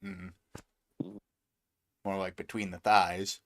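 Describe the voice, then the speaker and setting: A man co-hosting a casual comedy podcast, who cuts in with dry, quick one-liners. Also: low-pitched, flat delivery, creaky, a bit bright. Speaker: podcast co-host.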